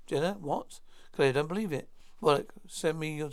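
Gravelly man reading a script aloud. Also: fairly high pitch, brisk, few pauses. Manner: announces each speaker's name before the line. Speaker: narrator reading all parts. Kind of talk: plain read-through of a script.

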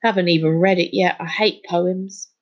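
A man's voice: very high voice, big pitch swings, moderate pace, a little mellow, breathy edge, highs cut off, voice pushed up, full character voice. A woman voicing a bossy, skeptical boy who snaps out curt orders on a sailing boat, in a storybook reading. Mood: gruff.

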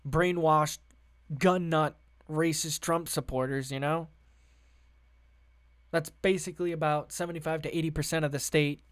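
With a mid-range voice, a political commentator sarcastically reads the news and slips into profane rants. He sounds heated and mocking, peppering his delivery with rhetorical questions.

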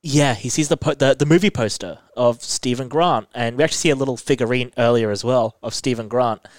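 A man in casual conversation, retelling a TV episode in lively detail. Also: medium pitch, a little fast, no echo. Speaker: podcast co-host. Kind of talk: casual chat recapping a TV episode.

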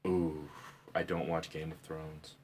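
A man co-hosting a podcast, telling stories in casual chat with lots of profanity and animated turns. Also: a bass voice, takes it slowly, slight background noise. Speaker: podcast co-host.

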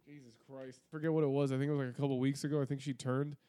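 A man's voice: medium pitch, little pitch movement, rapid-fire, warm tone, clean tone. A man co-hosting a podcast in casual chat, bantering and joking with a lot of profanity. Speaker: podcast co-host.

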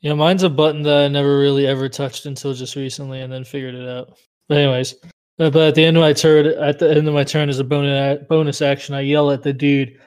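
A man's voice: mid-range voice, level tone, fast, a little mellow, clear, resonant tone. A man playing a tabletop game over an online voice call, casual and thinking aloud. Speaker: player.

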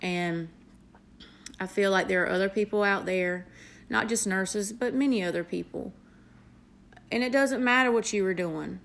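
A woman's voice: medium pitch, vocal fry, a bit bright. A young woman with a Southern US accent, an earnest nurse speaking to her viewers in a motivational vlog. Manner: earnest, heartfelt, with pauses and fillers. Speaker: nurse vlogger.

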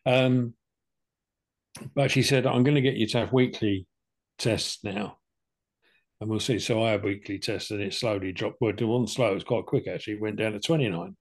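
In a fairly low voice at a moderate pace, an older podcast co-host casually shares his personal story of cancer. He is chatty and plain-spoken, acting out both sides of the conversations.

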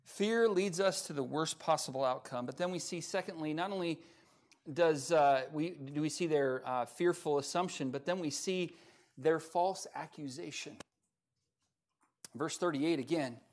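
A man preaching as pastor at a church service, with folksy humor, swinging from quiet asides to loud, rising passages. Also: a little high, measured pace. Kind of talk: sermon.

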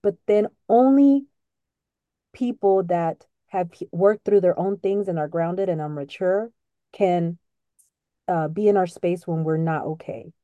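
A woman's voice: lowish voice, unhurried, no room sound, phone-quality sound. A middle-aged woman co-hosting a podcast, talking openly and emotionally in a casual chat, laughing often. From Latino family background. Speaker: podcast co-host. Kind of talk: casual heartfelt conversation.

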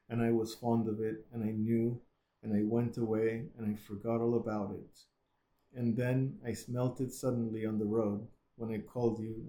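A man's voice: mid-range voice, warm tone, roomy sound, close to an everyday voice. A man reading aloud as a homesick male mole, speaking in broken, tearful pleas.

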